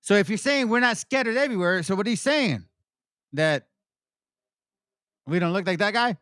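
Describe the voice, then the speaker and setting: A man's voice: high voice, expressive, moderate pace, fairly bright tone, clear, resonant tone, no echo, studio quality. A man hosting a commentary video, ranting angrily and mockingly over played clips, swearing heavily and laughing. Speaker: commentary channel host.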